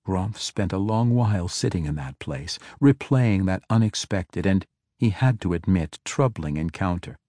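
A man narrating a fantasy novel in a measured, steady reading. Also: sits low, dry recording, studio quality. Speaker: audiobook narrator.

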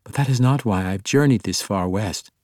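A man's voice: on the low side, moderate pace, a little mellow, dry recording, studio quality, natural voice. A man voicing an earnest, exuberant male monk who speaks formally and courteously in an audiobook.

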